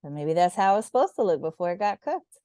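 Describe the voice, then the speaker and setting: A woman's voice: on the low side, very animated, fast talker, mellow, clear, resonant tone, no room sound, studio quality. A woman voicing a young, eager and determined girl in a storybook reading, earnest and bouncy.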